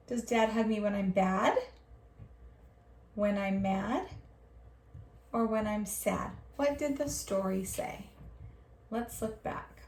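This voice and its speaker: A woman teacher leading young children through a reading lesson, modelling each line slowly and praising them. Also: fairly high pitch. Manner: slow, drawn-out modelled reading with encouraging praise. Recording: roomy echo.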